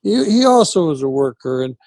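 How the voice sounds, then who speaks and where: A man's voice: fairly high pitch, fairly quick, vocal fry, no echo. An older man, a former football coach, reminiscing as an interview guest and acting out the dialogue in his stories. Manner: animated storyteller who acts out quoted dialogue.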